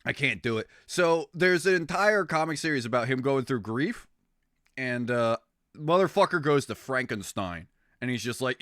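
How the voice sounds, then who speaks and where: A man rambles through casual stream chat and gets excitable, swearing freely. His voice has a bright, forceful edge. The sound is dry and close. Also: mid-range voice, normal speed, no echo.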